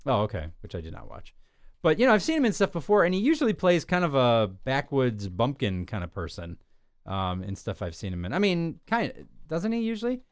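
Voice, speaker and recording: Brief: man, podcast co-host, opinionated and animated, smooth voice, dry close sound. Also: medium pitch, a little fast, no echo. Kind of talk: casual chat.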